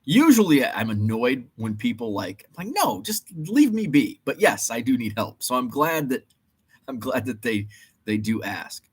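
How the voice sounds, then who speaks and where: A man with a husky, somewhat breathy voice tells a story casually to his vlog viewers. He rambles and sounds exasperated, with frequent ums and uhs. His pitch sits at an ordinary middle level. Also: expressive, normal speed. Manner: rambling, exasperated retelling with many fillers. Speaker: eBay reseller and channel host.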